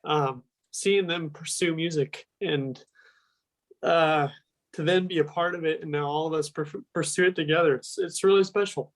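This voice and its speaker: Heartfelt young man, somewhat high. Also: fairly even intonation. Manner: heartfelt, halting. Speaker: band member guest. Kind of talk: casual interview talk.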